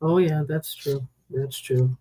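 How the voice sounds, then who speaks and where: A woman's voice: a bass voice, fairly even intonation, slow, mellow. A woman co-hosting a casual tarot chat who rambles, jokes and laughs a lot. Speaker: tarot reader co-host.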